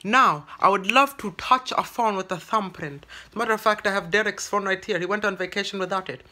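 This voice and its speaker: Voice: mid-range voice, fairly quick, bright, forceful tone. A vlogger rambling through a comedic monologue in character, using a put-on broken English delivery with constant stammered restarts.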